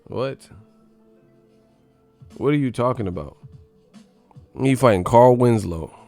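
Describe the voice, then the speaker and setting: A man's voice: medium pitch, animated, slow, warm tone, faint music behind. A man doing a profane, mocking casual rant about boxing as the show's commentator. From United States.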